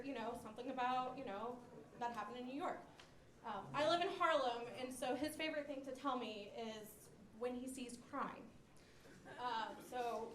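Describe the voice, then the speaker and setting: A young woman performing a stand-up comedy set, telling self-deprecating stories with many fillers. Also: sits high. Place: comedy club stage. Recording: roomy club sound with audience laughter.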